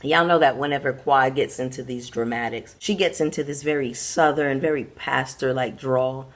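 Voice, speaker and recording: A woman's voice: extremely low pitch, fairly even intonation, moderate pace. A young woman giving a sassy, emphatic recap of a reality show, talking straight to her viewers. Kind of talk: casual recap commentary.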